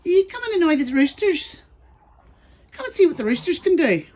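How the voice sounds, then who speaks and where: Woman, high lively baby-talk voice for farm birds, noisy outdoor pen. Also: moderate pace. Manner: cooing, sing-song pet talk. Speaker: farm keeper talking to her poultry. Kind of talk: casual vlog, baby talk to animals. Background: birds clucking and gobbling.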